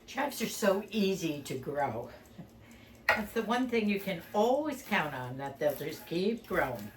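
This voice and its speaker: Chatty older woman, low voice. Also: big pitch swings, unhurried, slight background noise. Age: 80s. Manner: chatty, homey, talks through each step. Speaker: home cook vlogger. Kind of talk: casual cooking demonstration. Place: home kitchen.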